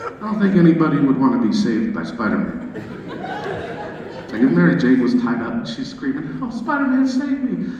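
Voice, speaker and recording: A male stand-up comedian performing a set in a comedy club with an animated, playful, self-mocking delivery. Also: medium pitch, a little fast, pauses often, distant mic, muffled recording. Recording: echoey club recording from afar, crowd laughter.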